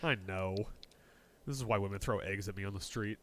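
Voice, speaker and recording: This co-host's voice is fairly low and a little fast. On a casual sports podcast he leads the segments with an excitable, joking style, full of swearing and punning asides.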